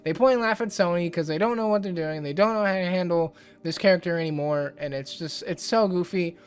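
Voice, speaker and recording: A man's voice: high voice, a little fast, clear, resonant tone, faint music behind. A man hosting a casual ranting commentary vlog, rambling and exasperated, with lots of fillers. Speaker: YouTube host.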